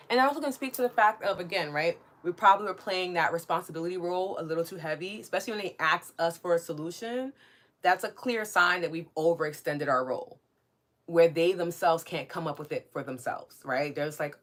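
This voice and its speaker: A woman's voice: on the low side, expressive, a little fast, a bit bright. A woman hosting a live podcast, reading viewer comments aloud in casual chat, candid and mildly profane, laughing often and asking "right?".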